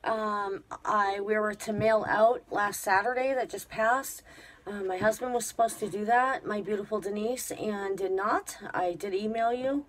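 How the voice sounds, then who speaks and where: A woman's voice: medium pitch, measured pace. A tired, unwell woman chatting to camera as a crafting vlogger, gushing over a parcel with many fillers. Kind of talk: casual unboxing chat to camera.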